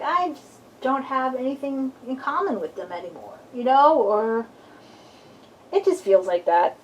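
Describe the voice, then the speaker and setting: A woman's voice: mid-range voice, warm tone, slight background noise. A young adult woman, a tarot reader, chatting casually and playfully through a weekend reading and acting out little scenes.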